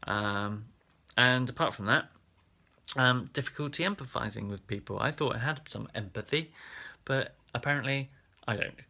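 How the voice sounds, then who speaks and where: A man's voice: medium pitch, normal speed, gravelly, pushed and bright. A man from England's Black Country talking through a casual, self-reflective vlog, rambling and hesitant with frequent ums and restarts. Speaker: vlogger.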